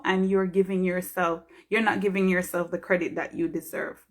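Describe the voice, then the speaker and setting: A woman's voice: lowish voice, little pitch movement, normal speed. A woman from Jamaica, a pharmacist giving an earnest, heartfelt motivational talk on a live stream.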